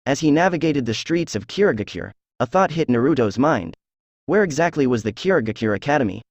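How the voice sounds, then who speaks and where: A man reading fan fiction aloud as narrator, in a steady, even storytelling voice. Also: mid-range voice, a little fast, dry recording, lo-fi sound.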